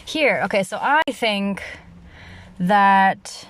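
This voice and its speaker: A young adult woman hosting her own podcast in a loud, rambling solo monologue, restarting sentences often and laughing at herself. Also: on the high side, slow pace, pauses often. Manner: loud, animated delivery. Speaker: podcast host.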